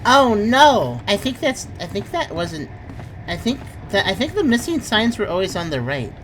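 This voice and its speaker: A woman talks through a game as she plays it, her pitch bouncing up and down as she thinks aloud. She chats easily and laughs often. A faint hiss sits under her voice. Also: very animated, moderate pace. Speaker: streamer. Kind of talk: casual gameplay commentary.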